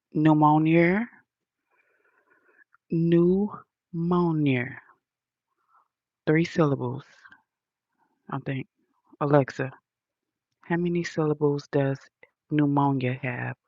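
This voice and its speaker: A woman vlogger chatting to her viewers in a blunt, playful way, cursing freely and drawing her words out slowly. The sound is dry and close, with a dull, muffled quality. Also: sits low, no echo. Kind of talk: casual vlog chat.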